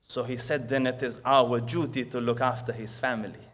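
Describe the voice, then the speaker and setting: Man, preacher, storytelling lecture, loud emphasis, hushed prayers, quick recitation. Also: medium pitch, level tone. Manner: rises loud for emphasis, drops soft for quoted prayers; recites Arabic verses quickly.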